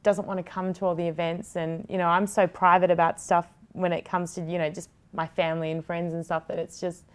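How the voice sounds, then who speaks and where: A woman's voice: lowish voice, little pitch movement, a little fast, few pauses, clean tone. A woman in her thirties with an Australian accent, a TV presenter chatting as an interview guest in a rambling way, full of fillers and restarts. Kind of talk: casual interview chat.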